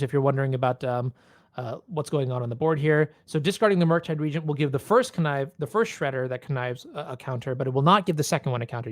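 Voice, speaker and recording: A man's voice: on the high side, dry recording, clean studio sound. A man commentating a card game tournament, explaining rules and plays with many fillers.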